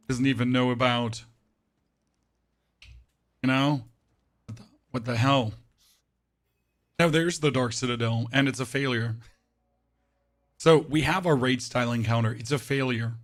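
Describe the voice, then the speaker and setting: A hoarse-voiced man chats casually with his stream audience while playing. His voice is worn nearly away and sits at an ordinary, mid-range pitch. He speaks in a flat, unemphatic monotone. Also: normal speed, pauses often. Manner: talks to chat with frequent "right?". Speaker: game streamer.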